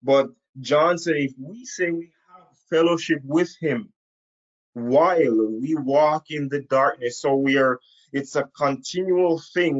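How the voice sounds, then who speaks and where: A man teaching from the Bible to a camera in a room, slow and emphatic, repeating key phrases for weight. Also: on the high side, highs cut off. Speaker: preacher. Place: indoor room.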